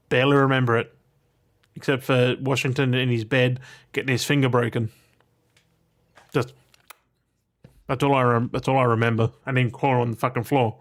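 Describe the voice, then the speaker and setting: A man talking casually to his viewers about his movie and game pickups, rambling and swearing freely. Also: mid-range voice. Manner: blunt, swears casually, digresses and restarts often.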